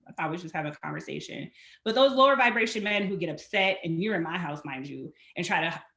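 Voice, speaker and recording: A woman guest in a casual chat, telling stories in an animated way and acting out what people say. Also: fairly low pitch, fast, gravelly, roomy sound. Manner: animated, acts out quotes in her storytelling. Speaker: podcast guest.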